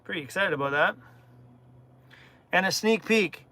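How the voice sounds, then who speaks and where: A man hosting a live-stream Q&A from inside his camper van, jokey and animated, laughing at his own jokes. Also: high-pitched, moderate pace. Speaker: van-life channel host.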